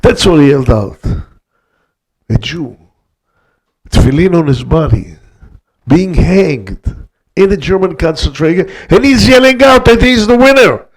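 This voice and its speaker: An older man, a guest rabbi, telling a story in an emphatic way that swings between hushed passages and loud peaks. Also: a little high, expressive, a little slow, pauses often. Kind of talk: dramatic storytelling talk.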